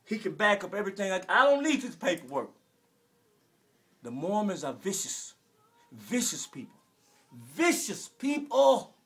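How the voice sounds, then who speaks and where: Very high-voiced Southern man ranting. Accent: Southern American. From Arkansas, US. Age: 40s. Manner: preachy, emphatic, repeats phrases, bursts into shouts. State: emotional. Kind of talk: impassioned direct-to-camera rant.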